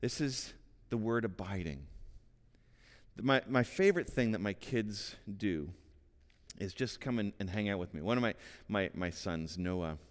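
Forties male preacher, low-pitched, conversational and earnest, ringing hall sound. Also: lively intonation, measured pace. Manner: earnest, conversational, repeats words when starting phrases. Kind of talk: sermon. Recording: long reverb of a hall.

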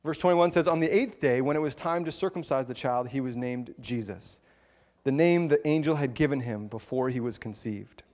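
A man preaching a sermon as pastor, telling the story in a playful, animated way with frequent laughter. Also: mid-range voice, moderate pace. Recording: long hall reverb.

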